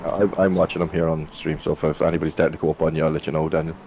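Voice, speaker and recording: Deep-voiced Irish man, teasing. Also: level tone, very fast, background noise. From Ireland. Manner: teasing, blunt, swears freely. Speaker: sim racing teammate. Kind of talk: casual voice chat on a stream.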